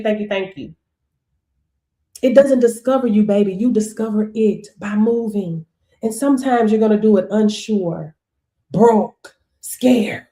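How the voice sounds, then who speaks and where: A middle-aged woman giving a motivational talk on a live stream, animated and preachy, laughing often and calling out "right?" and "hello?". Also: fairly high pitch. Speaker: online business coach.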